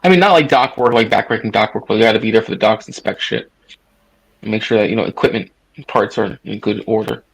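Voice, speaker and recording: Husky guy in his 30s on a voice call, talks quick, kinda rambly and emphatic, swears a bit. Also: on the low side, rough recording. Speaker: guest caller in a voice chat. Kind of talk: casual political debate on a voice chat.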